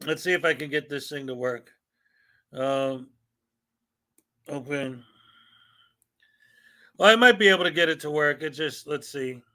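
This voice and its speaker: A man's voice: a little high, unhurried, pauses often, pushed and bright. A man hosting a casual live stream, joking, laughing often and reading mock legal paperwork aloud at his computer.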